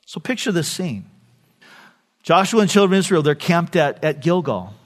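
An older man preaching a sermon, telling stories and dropping from loud preaching to soft, hushed lines. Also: fairly high pitch, big pitch swings, normal speed. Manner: storytelling, swings from loud preaching to soft near-whispers. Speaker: pastor.

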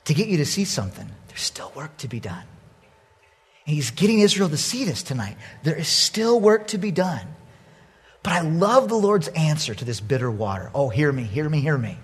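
Animated husky-voiced preacher. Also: male voice, a little high. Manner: animated storytelling, swinging between loud outbursts and hushed asides. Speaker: pastor. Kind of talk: sermon.

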